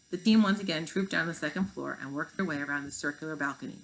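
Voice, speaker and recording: A woman teacher with a somewhat low voice reads a children's novel aloud. She breaks in with chatty asides between passages. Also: fast talker, fairly bright tone, rough recording.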